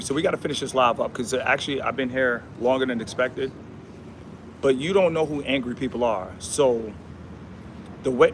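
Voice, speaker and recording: Against background noise, a livestream host with a mid-range voice talks casually. His style is preachy and repetitive, full of slang and scripture.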